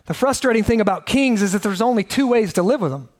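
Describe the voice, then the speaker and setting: A man's voice: sits high, animated, fast talker. A pastor preaching a sermon in a conversational way, asking his listeners many rhetorical questions.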